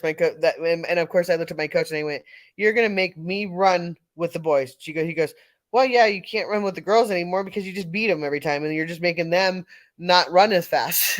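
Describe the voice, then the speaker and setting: A woman's voice: fairly low pitch, no echo. A middle-aged woman from California, telling a casual story on a live audio panel, laughing often and restarting her sentences. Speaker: panel speaker.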